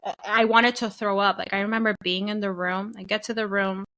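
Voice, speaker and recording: Her mid-range voice moves briskly as she, a young woman co-hosting a podcast, recounts giving birth in casual conversation. The storytelling is lively, with the words of others acted out.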